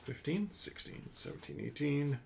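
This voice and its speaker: A man's voice: a little high, animated, moderate pace, vocal fry, a little mellow, slight background noise. A man hosting a solo board game playthrough, thinking aloud and counting out damage and cards. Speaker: board game channel host.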